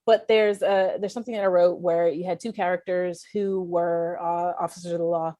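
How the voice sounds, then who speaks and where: A woman's voice: lowish voice, level tone, normal speed, warm tone, no room sound. A woman from Puerto Rico whose first language is Spanish, a guest writer talking casually and thoughtfully, often restarting her sentences. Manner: thoughtful, searching, with frequent restarts and fillers. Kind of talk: casual conversation.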